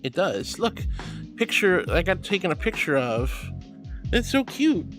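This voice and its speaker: A woman streamer chatting with her viewers in a bubbly, gushing way, breaking into squeals and baby talk. Her pitch leaps and dips constantly. Soft music plays faintly behind her. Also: big pitch swings, unhurried. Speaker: livestreamer reading chat. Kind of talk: casual livestream chat.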